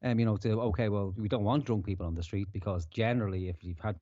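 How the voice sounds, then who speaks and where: Mellow-voiced man ranting. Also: on the low side, steady tone, quick pace, no room sound, lo-fi sound. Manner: ranting, heavy swearing. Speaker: podcast host. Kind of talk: casual profane commentary.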